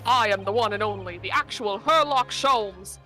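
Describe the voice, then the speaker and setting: A woman voicing a boastful male detective in a put-on British accent that slips into Australian, speaking slowly and grandly. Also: medium pitch, pushed and bright, soft background music, lightly acted. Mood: pompous. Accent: put-on British slipping into Australian. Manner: grand, self-important, slow declaiming.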